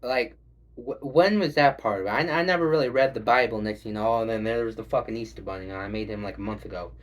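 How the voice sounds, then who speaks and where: A man doing a stand-up set, rambling and swearing and acting out quick voices. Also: lowish voice. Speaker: stand-up comedian.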